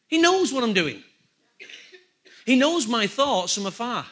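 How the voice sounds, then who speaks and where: Male preacher, high and bright, animated, calls on the congregation. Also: measured pace, husky. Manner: animated preaching, repeats key phrases, asks the congregation questions. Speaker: pastor. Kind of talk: sermon.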